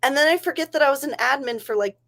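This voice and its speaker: A chatty woman hosts a casual writing livestream. Her voice sits a touch high, and she rambles and laughs easily as she talks. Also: fast talker, fairly bright tone. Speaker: livestream host.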